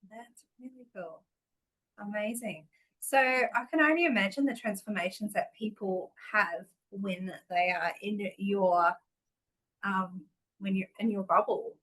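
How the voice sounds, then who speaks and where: A woman's voice: mid-range voice, measured pace, a bit bright, low-quality recording. A woman hosting a casual podcast interview, affirming and effusive toward her guest. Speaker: podcast host.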